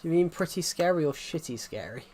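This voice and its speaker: A man's voice: a little high, expressive, quick pace, a little mellow. Opinionated British man chatting on stream. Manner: opinionated, rambling with many restarts. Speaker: livestreamer. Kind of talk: casual livestream chat.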